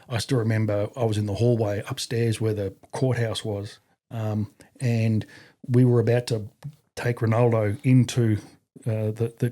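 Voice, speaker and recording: This interview guest is an Australian army veteran in his fifties whose voice sits on the low side and sounds mellow. He tells his stories casually, wandering off track with fillers and easygoing swearing.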